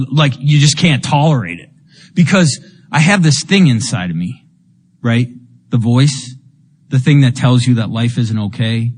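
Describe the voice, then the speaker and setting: A man's voice: medium pitch, slightly rough. A man giving a raw, emotional recovery testimony, telling his story with lots of "like" and "you know.". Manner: emotional, with bursts of rueful laughter. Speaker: speaker sharing a recovery testimony. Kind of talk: personal testimony talk. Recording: long hall reverb.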